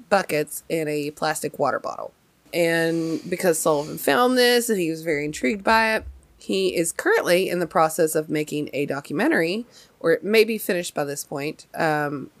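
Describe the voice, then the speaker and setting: A woman's voice: on the low side, dry recording. Chatty young woman storytelling on a podcast. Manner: chatty, animated, many fillers. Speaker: podcast host. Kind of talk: casual storytelling chat.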